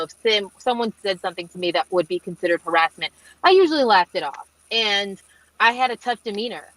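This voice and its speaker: A young woman, a marine engineer, answering webinar questions over a video call in a chatty storytelling way with lots of fillers and lively quoted dialogue. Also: medium pitch, poor audio.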